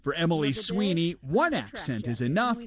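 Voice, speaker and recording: A male reporter narrating a light news feature in a lively, bouncy delivery. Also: a little high, normal speed, crowd noise.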